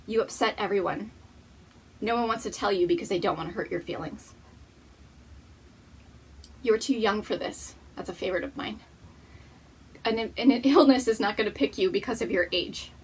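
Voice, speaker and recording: A woman's voice: mid-range voice, normal speed, long pauses, slight background noise. A woman hosting a knitting podcast, talking casually to camera in an earnest, encouraging way, and cooing to her pet.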